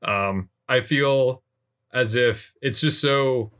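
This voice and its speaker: A man's voice: mid-range voice, takes it slowly, fairly bright tone, smooth. A man hosting a podcast in casual chat, musing and hesitant. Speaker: podcast host.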